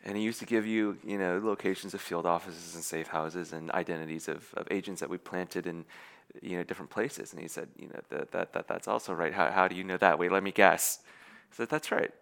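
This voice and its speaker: Man, low voice, preacher, sermon storytelling, acts out quoted dialogue, frequent restarts. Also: steady tone, fairly quick, creaky, fairly bright tone.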